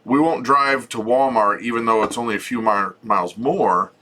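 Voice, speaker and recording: A man's voice: medium pitch, moderate pace. A middle-aged man co-hosting a homesteading channel, chatting casually and jokingly with viewers. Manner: chatty, relaxed, joking, frequent restarts.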